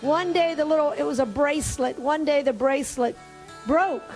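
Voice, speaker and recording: High-voiced woman preaching a sermon. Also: normal speed, darkish tone, faint music behind. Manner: storytelling, rising to fervent questions to the congregation.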